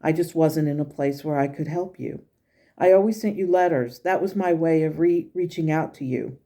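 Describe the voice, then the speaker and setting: A woman's voice: deep voice, moderate pace, dark tone. A woman quoting the spirit of her late grandmother, who speaks frankly and lovingly, close to her own voice. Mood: tender. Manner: frank and blunt, with affectionate asides.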